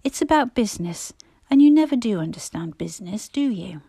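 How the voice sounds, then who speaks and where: Woman reading as a soft, hushed Victorian mother. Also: medium pitch, expressive, fairly quick, creaky, breathy edge, no room sound. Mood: earnest. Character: gentle worried Victorian mother.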